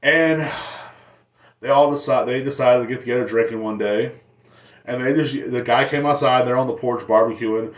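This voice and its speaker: Man, young adult, podcast host, rambling, crude, profane storytelling, average pitch. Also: normal speed. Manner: crude, rambling, laughs at his own stories, shouts when quoting others.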